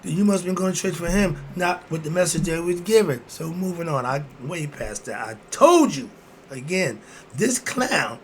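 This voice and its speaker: A man giving an emphatic, preachy commentary monologue, firing off rhetorical questions and breaking into sudden loud bursts. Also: mid-range voice, a little slow, a little hiss or hum.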